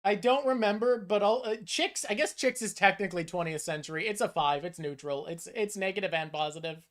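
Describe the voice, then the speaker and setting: A woman hosts a casual stream, rambling and opinionated as she ranks one thing after another. Her voice sits at an ordinary middle pitch. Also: brisk. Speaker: streamer host. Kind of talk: casual chat ranking topics.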